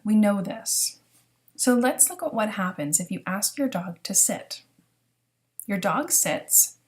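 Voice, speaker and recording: A woman giving a recorded lesson as a dog training instructor, explaining step by step in a clear, teaching manner. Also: medium pitch, darkish tone. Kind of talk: recorded lecture narration.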